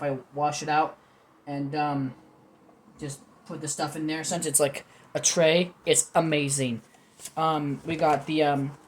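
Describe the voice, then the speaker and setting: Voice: medium pitch, slight background noise. Rambling, jokey young vlog host. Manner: rambling, jokey, self-mocking. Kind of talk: casual food vlog commentary.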